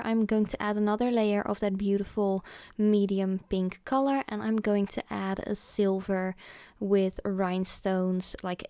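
A woman's voice: medium pitch, mellow, no echo. A young woman, a native Dutch speaker, giving a casual nail art tutorial voice-over, chatty and full of fillers, sometimes correcting herself.

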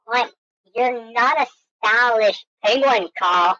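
Goofy, lively woman gamer, slow and bouncy. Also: on the high side, dry recording. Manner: goofy, excitable, talks to herself, makes silly sound effects. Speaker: gaming channel host. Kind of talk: let's-play game commentary. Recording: dull lo-fi dry recording.

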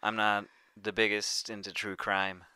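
A man's voice: lowish voice, flat delivery, a little slow, pushed and bright, clear, resonant tone, no room sound, studio quality. A man co-hosting a casual book podcast, joking and bantering with his brother. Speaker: podcast co-host.

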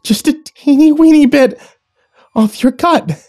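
A man voicing a frantic pregnant young wife driven by a ravenous craving, pleading and then snarling in a shrill voice. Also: unhurried, darkish tone. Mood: frenzied.

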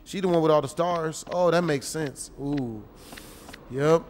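Loud, high-voiced gaming host. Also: male voice, a little slow, slight background noise. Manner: profane, shouting reactions, jokey. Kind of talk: crude, loud gameplay commentary.

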